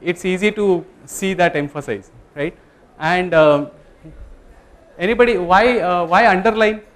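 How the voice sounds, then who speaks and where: A man's voice: high voice, a little slow. A man giving a classroom lecture, talking in a conversational way, polling the students and correcting himself mid-sentence. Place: lecture room.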